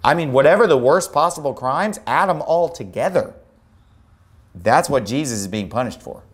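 A male preacher delivering an emphatic sermon to a congregation, arguing forcefully and mocking opposing views. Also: mid-range voice, expressive, moderate pace. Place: church.

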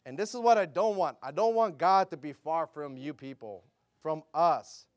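A middle-aged man preaching a sermon, telling stories with animated delivery, laughing and acting out voices. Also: fairly high pitch, moderate pace. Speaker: pastor.

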